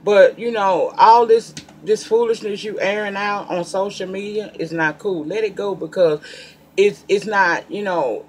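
A high-voiced man hosts a celebrity gossip vlog, sassy and emphatic, speaking directly to viewers. Calmer asides give way to loud, pointed bursts in this casual commentary, and there's a little hiss or hum on the audio.

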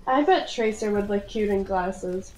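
A woman's voice: medium pitch, unhurried, roomy sound, rough recording. A woman chatting casually while playing an online game, shrieking in panic when things go wrong. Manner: animated, squeals and shrieks in panic. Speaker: gamer. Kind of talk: casual gaming chat.

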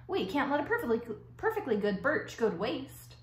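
A woman doing a brisk, scolding beaver wife. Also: high-pitched, sing-song, voice pushed up. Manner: firm, scolding. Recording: echoey room.

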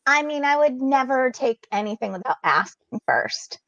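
Dry-witted woman comedian, high voice. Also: big pitch swings, moderate pace, gravelly, fairly bright tone, no room sound, muffled recording. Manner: dry, sarcastic quips. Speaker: comedian guest. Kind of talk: casual chat on a video call.

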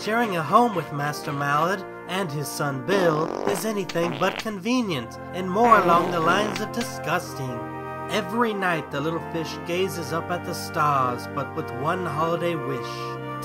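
A man narrates an adult cartoon in a mock-solemn, storybook style, keeping a deadpan tone. His voice is slightly high. Clear instrumental music plays under him. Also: a little slow.

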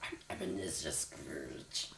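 Ebenezer Scrooge as a deep whisper by a girl. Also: a bit bright, roomy sound, recorded from a distance, slight background noise, heavily acted. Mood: creepy. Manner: slow breathy whisper. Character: old man Scrooge, slow creepy low whisper.

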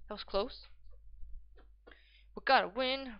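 A woman's voice: mid-range voice, moderate pace, long pauses, smooth, no room sound, dull audio. A woman casually commenting on a football management game as she plays, thinking aloud and calling out player names. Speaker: gaming video host.

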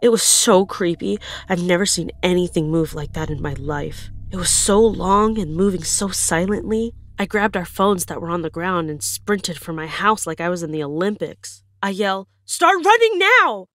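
A woman's voice: fairly low pitch, normal speed, few pauses, no room sound. A woman narrating her own scary experience in the first person, in an earnest, plain way. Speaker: storyteller.

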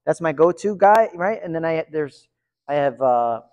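A man giving a live conference session, chatty and energetic, talking to his audience. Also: fairly high pitch, normal speed, highs cut off. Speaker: conference presenter. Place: large conference room. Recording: reverberant hall.

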